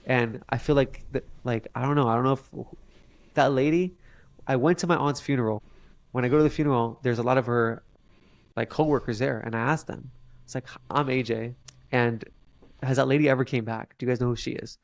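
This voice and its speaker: A young man, a podcast guest, telling a long story in a halting way with many fillers and restarts. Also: medium pitch, no echo. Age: young adult. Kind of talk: casual storytelling interview.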